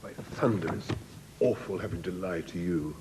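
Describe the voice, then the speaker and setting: A man's voice: deep voice, moderate pace, very noisy. A man team captain on a panel game show, talking in a mock-wounded, teasing way.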